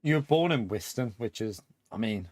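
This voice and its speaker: A man's voice: on the low side, lively intonation, normal speed, darkish tone, no room sound. Chatty middle-aged man on a headset. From England. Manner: chatty, laughs often. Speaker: live streamer. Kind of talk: casual live-stream chat. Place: home.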